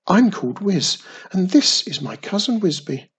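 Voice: mid-range voice, very animated, normal speed, breathy edge, pitched above the performer's own voice. A reader doing a bossy, tender young witch. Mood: soothing. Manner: scolding yet soothing. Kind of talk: storybook reading.

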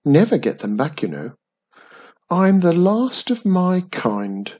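A man voicing a grumpy male talking flying castle, booming and loud, with old-fashioned phrasing. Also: big pitch swings, takes it slowly, husky, lo-fi sound, exaggerated voice.

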